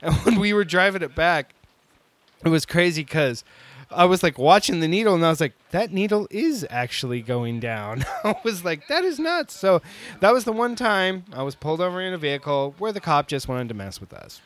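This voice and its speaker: A man in his forties telling a long story casually, animated and laughing often, with lots of filler words. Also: sits high, a little fast.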